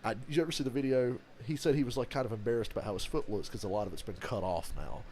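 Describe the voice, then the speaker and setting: A man's voice: medium pitch, very fast. A man hosting a live game reaction stream, chatting casually and profanely about football, acting out quotes and laughing often. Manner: animated storyteller, acts out quotes and laughs a lot. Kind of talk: casual profane sports chat.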